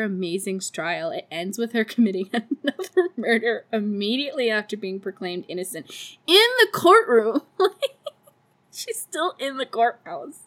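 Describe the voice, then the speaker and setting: A woman hosting a podcast, recapping a movie casually, laughing often and swearing freely. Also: mid-range voice. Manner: giggly, laughs often between sentences. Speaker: podcast host.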